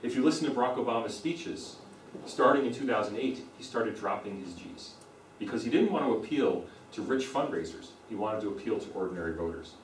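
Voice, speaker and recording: A man's voice: fairly low pitch, expressive, fairly quick. A man with a standard American accent delivers a lecture and often circles back to drive a point home. He stands some distance from the microphone. His voice carries through a reverberant room with faint background noise. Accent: General American. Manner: explanatory, repeats points for emphasis. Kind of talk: university lecture. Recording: roomy echo, speaker away from the mic.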